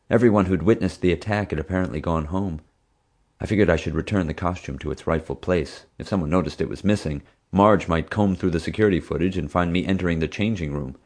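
Brief: low-voiced male narrator, steady first-person storytelling. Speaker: audiobook narrator.

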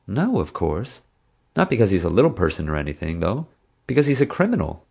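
A man reading an audiobook voices a frank, outspoken woman zookeeper in a raised, lively voice. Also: deep voice, fairly quick, vocal fry, breathy edge, exaggerated voice. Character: woman zookeeper, frank, chatty young adult. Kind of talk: audiobook character voice.

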